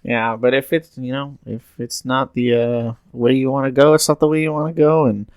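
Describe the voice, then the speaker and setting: A man co-hosting a casual podcast, chatty and quick to laugh, who also reads listener questions aloud. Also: mid-range voice, steady tone, smooth, no echo, clean studio sound. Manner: laughs often, loose and chatty. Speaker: podcast co-host.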